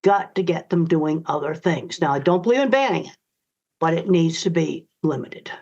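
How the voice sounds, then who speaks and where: A woman's voice: low voice, normal speed, darkish tone. An older woman answering interview questions in a blunt, emphatic, direct way. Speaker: guest author. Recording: dull lo-fi audio.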